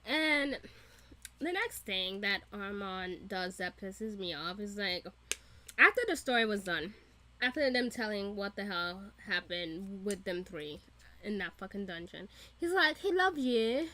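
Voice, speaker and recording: A young woman hosting a casual reaction video, animated and profane, laughing often as she rants. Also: medium pitch, a little slow.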